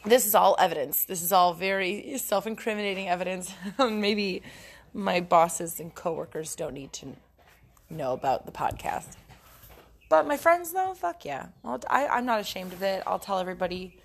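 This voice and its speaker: A woman's voice: medium pitch, expressive, normal speed, gravelly. A young adult woman hosting a casual solo podcast, talking frankly and profanely and often breaking into giggles. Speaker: podcast host.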